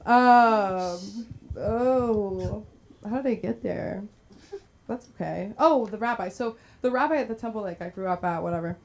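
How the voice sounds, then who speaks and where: A woman's voice: mid-range voice, unhurried, darkish tone. A woman doing a chatty, rambling stand-up set at a comedy club open mic, giggling through her bits. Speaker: stand-up comic.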